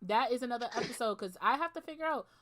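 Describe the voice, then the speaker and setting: A woman's voice: on the high side, quick pace, crowd noise. A woman co-hosting a podcast, chatting animatedly and trailing off with casual asides. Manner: animated storytelling, trails off with "whatever". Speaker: podcast co-host. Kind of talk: casual chat.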